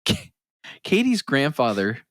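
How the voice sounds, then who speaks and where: A man's voice: mid-range voice, huge pitch swings, measured pace, a bit bright, dry recording. A man co-hosting a podcast, telling a story in casual chat, laughing often and acting out quoted lines. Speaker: podcast co-host.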